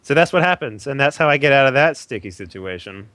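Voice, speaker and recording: A young man playing a tabletop game, goofy and excitable. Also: medium pitch, quick pace, no echo, studio quality. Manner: goofy, excitable, laughing often. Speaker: player.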